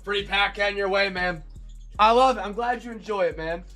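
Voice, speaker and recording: A man's voice: high voice, a little fast, sharp tone. A man hosting a live-streamed trading card break, chatting casually with viewers and reading out player names as he goes.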